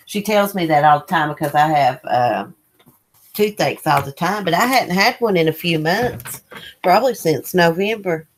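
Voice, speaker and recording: Woman, low voice, easygoing live-chat host, reads comments aloud. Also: lively intonation, normal speed, slight background noise. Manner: loose, rambling with fillers. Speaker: livestream host.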